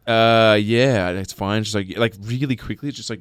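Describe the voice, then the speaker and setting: A man's voice: fairly low pitch, normal speed, hardly any pauses, smooth, no room sound. A man in casual chat, telling a rambling, swear-filled story with laughs.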